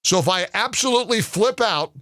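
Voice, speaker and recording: A man's voice: sits high, lively intonation, brisk, pushed and bright, no echo, studio quality. Angry ranting male talk radio host. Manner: repeats words when worked up. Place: radio studio. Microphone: studio mic.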